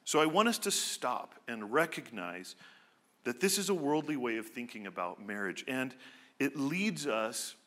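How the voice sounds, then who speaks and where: A man's voice: medium pitch, sing-song, moderate pace, pushed and bright. A man preaching a sermon as pastor, explaining scripture in an earnest, teaching way.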